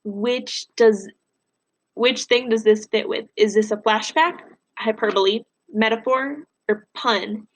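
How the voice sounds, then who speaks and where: A woman's voice: fairly high pitch, slow pace. A woman teacher reads a novel aloud to her students and then walks them through a question on the passage. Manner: plain, steady reading with instructions to students. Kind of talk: reading a novel aloud and giving a recorded lesson.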